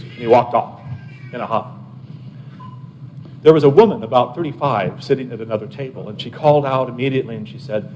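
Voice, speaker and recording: An older man spins personal stories for a gathered crowd, leaning into the telling and now and then asking his listeners questions. His voice sits at an everyday middle pitch. A faint hiss runs underneath. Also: fairly quick, low-quality recording. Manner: animated anecdotal storyteller, chats with listeners. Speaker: abbot. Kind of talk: storytelling to a live audience.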